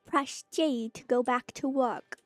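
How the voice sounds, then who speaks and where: A woman's voice: sits high, slow pace, no room sound, soft background music. A woman streaming a game in a playful, flirty way, chatting to her viewers. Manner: playful, flirty, talks to chat.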